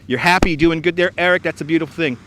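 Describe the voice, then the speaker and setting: A man's voice: on the high side, fast talker, fairly bright tone, a little hiss or hum. Chatty man hosting a beach live stream. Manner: chatty, reads out viewer comments and greets them by name, laughs often. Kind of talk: casual live-stream chat. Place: outdoors on a frozen beach. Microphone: wireless clip-on mic.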